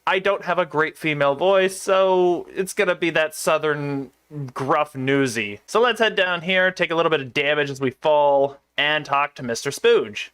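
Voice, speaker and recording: A young man talking through a game in a casual let's play, dropping dry, sarcastic asides. His voice is bright and sharp, sitting a bit high. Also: moderate pace, clear, resonant tone. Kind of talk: casual gameplay commentary.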